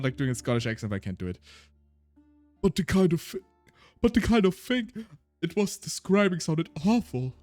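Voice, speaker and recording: Chatty man streamer, slightly high voice. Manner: chatty, laughs often, stumbles and restarts. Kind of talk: casual chat while reading game text aloud.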